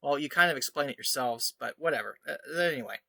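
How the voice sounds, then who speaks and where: A man's voice: mid-range voice, expressive, fast, vocal fry, pushed and bright, no room sound. A man giving sarcastic commentary as he reads out screenshots, mocking and scornful, often laughing. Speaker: online commentator. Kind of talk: reading his own article aloud.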